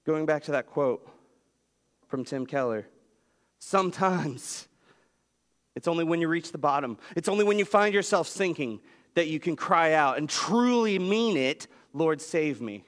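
Animated male pastor in a reverberant hall. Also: a little slow. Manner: animated storytelling with big swings in pitch. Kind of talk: sermon. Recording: long reverb of a large hall.

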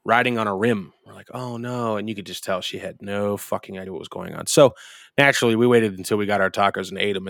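A man's voice: fairly low pitch, gravelly, fairly bright tone, dry recording, studio quality. A man co-hosting a podcast, telling a rambling, profane story in casual chat. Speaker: podcast co-host.

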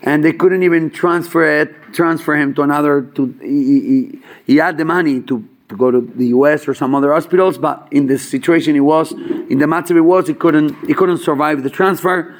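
Man, casual storyteller, slightly high voice, filler-heavy, acts out dialogue. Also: a little fast. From Chabad yeshiva student background. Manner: animated, acts out quoted dialogue, many fillers. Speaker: storyteller at a gathering.

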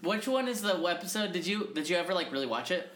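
A man's voice: high-pitched, sing-song, quick pace, a bit bright. A young man co-hosting a podcast, telling stories in casual, profane chat, laughing and acting out quotes. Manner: laughing, profane storyteller who acts out quotes. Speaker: podcast co-host. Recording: echoey room with faint noise.

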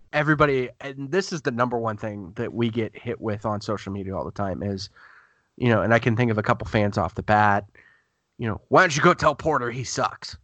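A man's voice: mid-range voice, a bit bright, dry recording. A man talking as a guest sports writer in a casual podcast conversation, rambling through stories and acting out quotes as he goes. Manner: chatty, rambling storyteller who acts out quotes.

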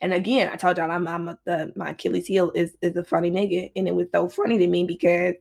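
A woman telling a casual story about her dating life, animated and profane, laughing often and breaking into high-pitched outbursts. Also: fast, creaky.

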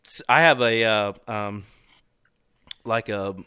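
A man casually telling a hunting story, animated and laughing often as he acts out the people in it. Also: fairly low pitch, slow, clear, resonant tone.

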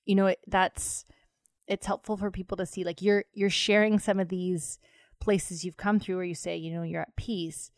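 A woman's voice: lowish voice, level tone, moderate pace, no echo, studio quality. A woman hosting a conversational interview, speaking in an empathetic, reflective way with many fillers. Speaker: podcast host.

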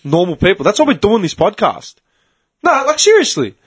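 A man's voice: sits high, wildly swooping pitch, brisk, husky. A man, chatting animatedly as a podcast co-host, laughing and swearing freely. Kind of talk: casual chat.

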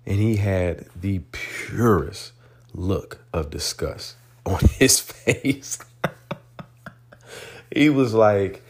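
Deep-voiced man telling a story. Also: slow pace. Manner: animated storyteller, earnest and motivational. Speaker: podcast host. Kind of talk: storytelling monologue.

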